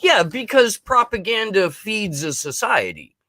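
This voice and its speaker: Man, podcast co-host, reflective casual chat, bright lively pitch, dry sound. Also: unhurried, dry recording.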